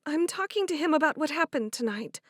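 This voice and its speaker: A woman doing a high-voiced worried mother. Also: animated, brisk, dry recording, studio quality. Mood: concerned.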